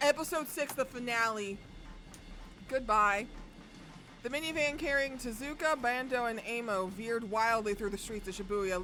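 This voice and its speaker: A young woman streaming a visual novel, reading the text aloud and breaking into loud, sweary outbursts. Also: mid-range voice, a little hiss or hum. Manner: loud, excitable outbursts and swearing between calm narration.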